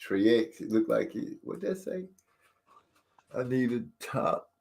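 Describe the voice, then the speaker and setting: A man's voice: mid-range voice, very animated, slow, darkish tone. Joking man hosting a live boxing chat. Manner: joking, self-deprecating, reads chat aloud. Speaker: channel host. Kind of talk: casual live-stream chat.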